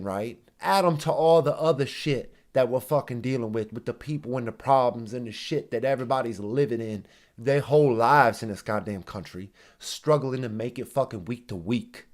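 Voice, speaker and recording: A man with a mid-range, slightly mellow voice hosts a reaction video full of profane ranting commentary. He's heated and sarcastic, swearing constantly, tossing in mocking asides and imitating others in exaggerated voices.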